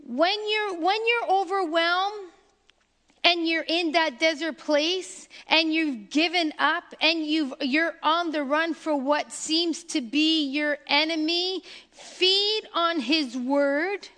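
Woman preacher, high voice, emphatic sermon delivery, long reverb of a big hall. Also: pushed and bright. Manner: emphatic preaching, slowing on key phrases.

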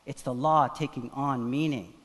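A pastor preaching a sermon in an animated style, swinging between loud emphasis and quiet asides. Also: male voice, mid-range voice, moderate pace, in a large hall. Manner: animated preaching, acts out voices of biblical figures.

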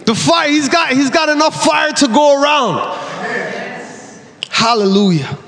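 A man preaching a lively, animated sermon as pastor, shouting at times. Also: very high voice, measured pace, crowd noise. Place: large church hall. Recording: live church hall with congregation.

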